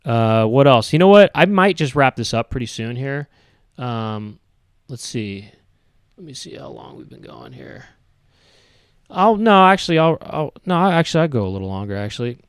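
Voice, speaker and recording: A man's voice: medium pitch, big pitch swings, normal speed, clean tone, no echo, clean studio sound. A man hosting a solo podcast, talking in a meandering, hesitant way with wry complaints about everyday habits. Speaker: podcast host. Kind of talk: rambling solo podcast monologue.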